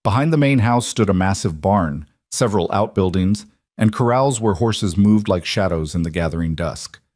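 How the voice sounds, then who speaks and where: A man narrating a scripted western story in a measured, dramatic way. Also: fairly low pitch, animated, a little mellow, no echo, studio quality.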